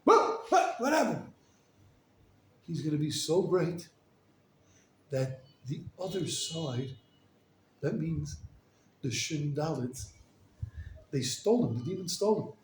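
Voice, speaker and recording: A male rabbi preaching in a chatty, lively storytelling way, with filler words all through. His voice sits a little high. The sound bounces around a roomy space with a faint hiss behind it. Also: slow pace, long pauses. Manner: animated, casual, lots of "like" and "you know". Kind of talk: storytelling sermon. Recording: echoey room with faint noise.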